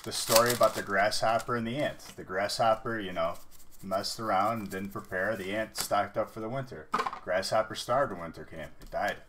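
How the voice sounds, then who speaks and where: A man's voice: on the low side, moderate pace, noisy background. A man hosting a card-break livestream, rambling in casual chat and saying "dude" a lot.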